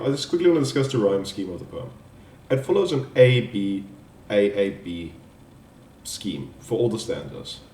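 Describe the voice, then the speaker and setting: Mellow man explaining a poem, echoey. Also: mid-range voice. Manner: explanatory, halting, with restarts. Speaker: student presenter. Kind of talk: spoken poem analysis for an assignment. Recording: echoey room, distant mic.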